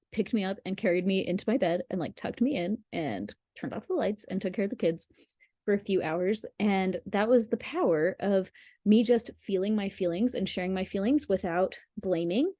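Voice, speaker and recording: A woman coaching listeners through emotional healing and a guided visualization, in a casual, rambling way with restarts and soft laughs. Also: medium pitch, no room sound, studio quality. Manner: rambling, restarts and apologizes for digressions.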